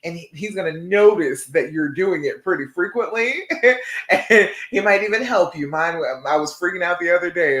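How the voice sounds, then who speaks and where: A woman relationship coach giving a live-stream talk, encouraging her listeners, often checking in with "okay?" and guiding them through slow counted breathing. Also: lowish voice, a bit bright, echoey room. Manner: encouraging, checks in with frequent "okay?" and "all right?"; slow guided counting during breathing exercise.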